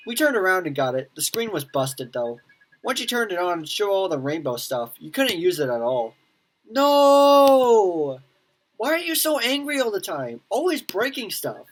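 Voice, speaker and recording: Woman, let's play, reading game lines in voices, low voice, lively pitch, faint noise. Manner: reads lines in many voices, quick reactions and laughs. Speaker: gaming YouTuber.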